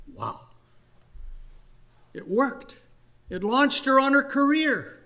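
An older man preaching a sermon, telling a story earnestly and swinging between soft and loud delivery. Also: very high-pitched, huge pitch swings, slow, long pauses.

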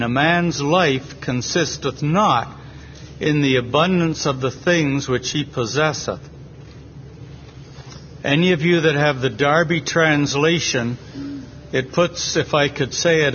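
A North American man expounding a Bible passage in an earnest, deliberate way with pauses, in a dull lo-fi meeting recording. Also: fairly high pitch, fairly bright tone, a little hiss or hum. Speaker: preacher at a Bible reading. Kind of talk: slow, measured Bible exposition.

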